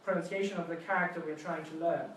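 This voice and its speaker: Speaking quickly in a steady, fairly bright high voice, a male seminar presenter lectures live, weaving in playful little stories and calling on his audience. The mic catches him from far away in a very echoey university room, with faint noise in the background.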